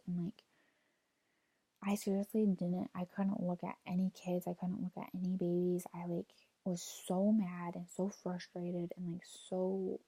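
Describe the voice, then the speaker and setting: A woman's voice: on the low side, warm tone, no room sound. Young woman rambling through a painful story. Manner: rambling, fills speech with "like", retells quotes. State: near tears, holding back crying. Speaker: vlogger. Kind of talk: personal storytime vlog.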